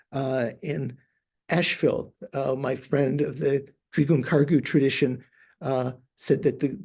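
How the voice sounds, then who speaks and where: Older male monk teacher, unhurried anecdotes, warm low-brightness tone, often gropes for words. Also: vocal fry. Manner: hesitant, searching for words with many fillers.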